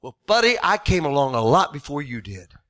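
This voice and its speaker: A man's voice: on the high side, big pitch swings, brisk, sharp tone, voice pushed down. A man voicing God, speaking bluntly and fatherly to a suffering man with challenging questions. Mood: stern. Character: God, a stern fatherly male voice.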